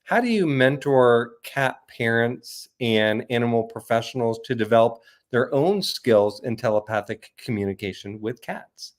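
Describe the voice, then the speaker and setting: A man who hosts a podcast and speaks in an ordinary middle pitch. He asks friendly, enthusiastic questions over a video call. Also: animated, normal speed, hardly any pauses. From Tennessee, United States. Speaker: podcast host. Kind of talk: podcast interview.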